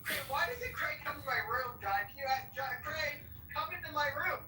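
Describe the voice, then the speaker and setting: A man in casual live audio-room banter, loud, joking and taunting. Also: very high voice, normal speed. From Nebraska. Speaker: room participant. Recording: roomy, distant, faint hiss.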